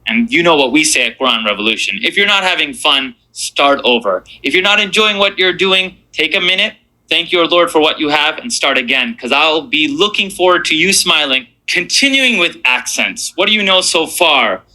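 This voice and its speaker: A man teaching a beginners' Quran reading lesson, encouraging and drilling each letter sound slowly. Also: fairly high pitch, expressive, bright, forceful tone, low-quality recording.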